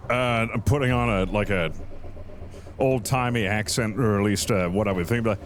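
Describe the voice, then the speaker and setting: A man's voice: on the low side, moderate pace, a little hiss or hum. A man playing a tabletop horror game, thinking aloud and hesitant as he lays out his character's actions. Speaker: player. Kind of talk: casual tabletop play.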